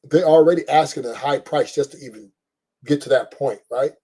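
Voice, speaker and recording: High-voiced profane man ranting on a podcast. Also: fairly quick, breathy edge. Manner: profane, boisterous, animated asides. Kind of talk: casual storytelling rant.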